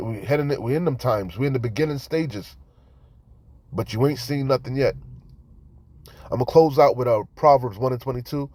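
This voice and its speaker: A man preaching a scripture sermon, reading verses slowly and rising into loud, emphatic warnings. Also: medium pitch, no echo. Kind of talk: street-style scripture sermon.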